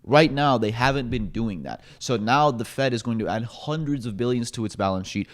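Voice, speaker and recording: A man's voice: mid-range voice, animated, moderate pace. A man co-hosting a casual podcast discussion, opinionated and ranting, swearing now and then. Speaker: podcast co-host.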